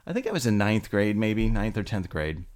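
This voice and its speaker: Animated man telling a story. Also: on the low side, normal speed. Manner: animated, laughs often, rising with indignation. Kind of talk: casual storytelling.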